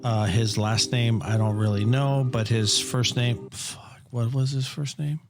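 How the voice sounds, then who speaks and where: A man's voice: mid-range voice, unhurried, music in the background. A middle-aged man, a father on a family podcast, telling rambling stories casually with plenty of swearing. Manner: profane, rambling, animated storyteller. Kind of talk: casual storytelling.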